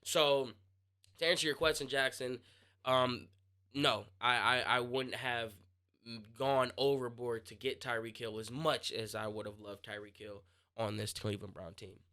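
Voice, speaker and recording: With a bright, forceful tone at medium pitch and a steady delivery, a young podcast host fields listener questions on his sports show. He speaks casually, pausing and restarting mid-thought as he sorts out what he means.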